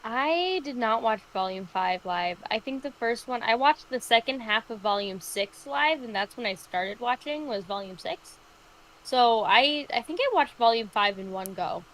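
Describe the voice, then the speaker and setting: A woman's voice: a little high, expressive, normal speed, a bit bright, slight background noise, rough recording. A woman co-hosting a casual live stream chat, ranting emphatically about a show. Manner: emphatic, exasperated rants. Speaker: podcast co-host.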